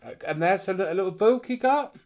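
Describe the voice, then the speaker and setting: A man's voice: lively intonation, quick pace, a little mellow. A man co-hosting a casual live stream, playful and gossipy. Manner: playful and gossipy, swings up and down in pitch. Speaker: co-host.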